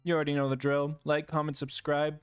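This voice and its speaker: A man casually commentating his gameplay, excitable, often laughing and yelping at what happens on screen. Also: on the high side, normal speed, no echo, studio quality, faint music behind. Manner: excitable, laughs and yelps at the game. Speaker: gaming YouTuber.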